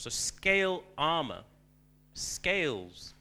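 A man's voice: mid-range voice, very animated, takes it slowly, creaky, sharp tone. A man preaching a sermon, talking loosely and hesitantly with lots of ums and uhs. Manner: rambling, hesitant with many fillers.

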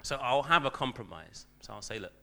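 A man's voice: mid-range voice, lively intonation, fairly quick, creaky, sharp tone. A man, a teacher, telling a self-deprecating story in a church talk, with frequent restarts.

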